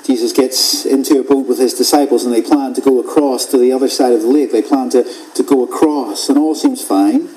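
Guy preaching in church, mellow warm tone, slow and measured, goes real quiet on the big lines. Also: mid-range voice, fairly even intonation, poor audio. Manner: measured, repeats phrases for emphasis, drops to a hush at key points. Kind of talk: expository sermon.

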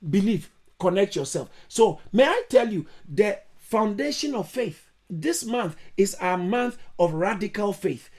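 Man, pastor, sermon, high-pitched voice, emphatic, repeats lines, online service. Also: lively intonation, measured pace, a little mellow. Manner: emphatic, repeats phrases, sudden high exclamations. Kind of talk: preaching a sermon. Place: online church service over video call.

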